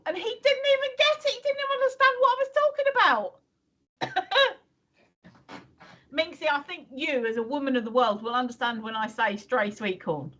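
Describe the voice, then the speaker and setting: A woman's voice: high voice, normal speed, a bit bright, muffled recording. A woman in her fifties or sixties co-hosting a casual livestream, teasing and laughing as she chats. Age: 50s or 60s. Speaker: stream co-host.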